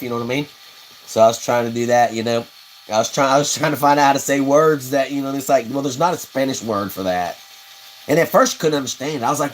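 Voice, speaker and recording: A man's voice: mid-range voice, a little hiss or hum, rough recording. A man who hosts a livestream while he builds custom fishing rods. He talks in a rambling, folksy way, reads viewer comments and laughs at his own stories. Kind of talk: casual livestream chat, reading comments.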